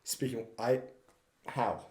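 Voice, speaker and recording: A man's voice: mid-range voice, takes it slowly, darkish tone. A young man co-hosting a casual podcast, telling funny stories and laughing often as he goes. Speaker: podcast co-host. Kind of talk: casual storytelling chat. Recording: roomy, echoey room.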